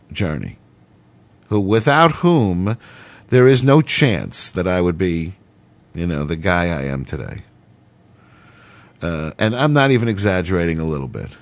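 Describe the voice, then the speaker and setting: A middle-aged man telling a long personal story in a rambling, profane way, full of fillers. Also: sits low. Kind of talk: casual monologue.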